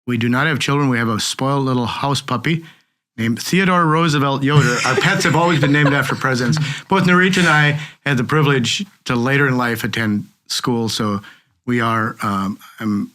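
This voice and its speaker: A man's voice: medium pitch, moderate pace, bright, forceful tone. A man, a museum director, speaking articulately with a dry sense of humor. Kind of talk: casual chat.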